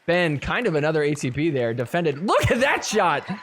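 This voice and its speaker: A man's voice: a little high, sing-song, moderate pace, fairly bright tone, slight background noise. A man hosting a podcast, giving casual commentary over match clips, laughing often and mock-quoting the players.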